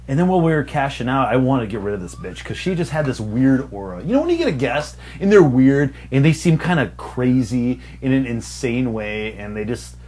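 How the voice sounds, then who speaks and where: A young man, a server and podcast co-host, telling a profane story and acting out customers in sudden high, loud bursts. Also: brisk, hardly any pauses, slight background noise. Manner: animated, profane, acts out customers in raised voices. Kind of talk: casual storytelling chat.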